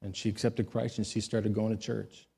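A man, a pastor, giving a sermon: he tells stories in a quiet voice and rises to loud, emphatic high peaks. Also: little pitch movement, normal speed, vocal fry, slightly rough.

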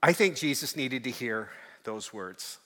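A man preaching a sermon as a pastor, moving from chatty asides to loud, fervent exhortation. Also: mid-range voice, animated, unhurried, in a large hall. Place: church.

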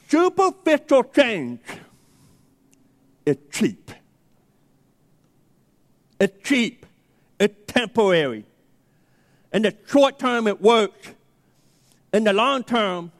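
A man with a high, lively voice preaches a sermon, acting out the voices in his story. Long reverb from a church hall surrounds him. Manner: animated storyteller, acting out dialogue. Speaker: pastor.

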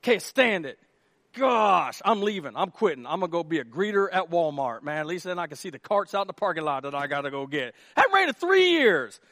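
Man playing a grumbling male servant, slangy and exasperated, high voice, dry close sound, sermon story retelling. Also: animated, fairly quick, fairly bright tone, no room sound. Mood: fed up.

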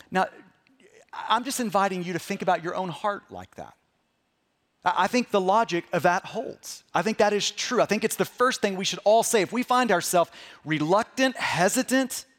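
A man's voice: high-pitched, a bit bright. A middle-aged man preaching a sermon to a congregation, stumbling and repeating words as he starts his sentences. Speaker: pastor.

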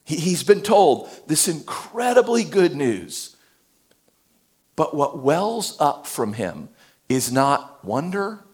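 A male pastor giving a sermon, animated, swinging between loud emphasis and hushed tones. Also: a little high, slow pace.

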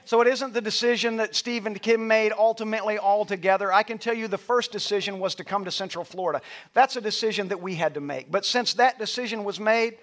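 Pastor, male, middle-aged, high-pitched, preaching in a church hall; swells loud then tells stories softly. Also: fast. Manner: builds to loud passionate preaching, then drops to soft storytelling. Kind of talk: sermon. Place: church auditorium with stage lights.

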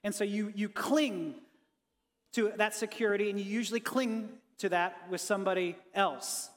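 High-voiced man preaching in a reverberant hall. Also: normal speed. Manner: conversational, energetic preaching, talks with the congregation. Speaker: pastor. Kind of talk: sermon. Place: church sanctuary with a congregation.

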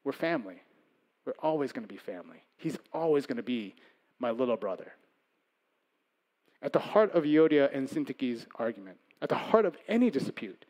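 A man preaching a sermon as pastor, conversational, moving between loud emphasis and soft asides. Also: a little high.

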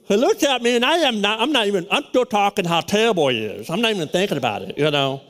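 A male pastor with a high-pitched, loud voice tells a story from the pulpit. He talks in an animated way and often stumbles and starts his phrases over. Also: quick pace. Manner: animated storytelling with many restarts. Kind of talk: sermon with personal story.

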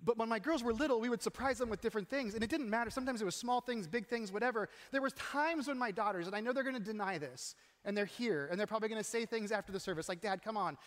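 A middle-aged man preaching a sermon in a church, talking in a conversational, animated way and often asking the congregation questions. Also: sits high, fast, few pauses. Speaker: pastor. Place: church sanctuary. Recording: long hall reverb.

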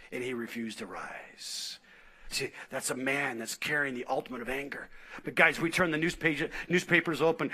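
A middle-aged male pastor preaching a sermon in a very bright, ringing voice that sits a little high. He tells stories with laughs and swings between lively, raised passages and quiet, hushed asides. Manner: animated storytelling with laughs and sudden quiet asides.

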